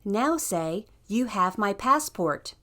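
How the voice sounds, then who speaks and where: A woman's voice: medium pitch, big pitch swings, slow, a bit bright. A woman narrating a scripted language lesson in an upbeat, encouraging way. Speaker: language teacher.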